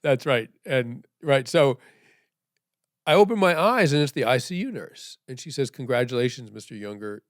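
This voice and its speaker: A middle-aged man telling a story as a podcast guest, rambling and checking in with "right?", dropping to a hushed voice at grave moments. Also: on the high side, lively intonation, normal speed, dry recording, clean studio sound.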